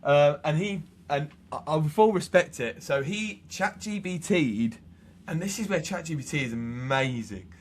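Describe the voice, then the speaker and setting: A young man, co-hosting a casual podcast and telling lively stories with a ready laugh. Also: fairly high pitch, normal speed. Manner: animated storyteller, laughs easily. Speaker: podcast co-host. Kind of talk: casual chat.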